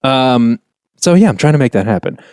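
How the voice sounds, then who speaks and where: A man's voice: mid-range voice, animated, normal speed, darkish tone, clear, resonant tone, no echo, clean studio sound. A man co-hosting a podcast, narrating a comedy script he wrote and defending it with an earnest, laughing manner. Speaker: podcast co-host and script writer. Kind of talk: narrating a script and casual chat.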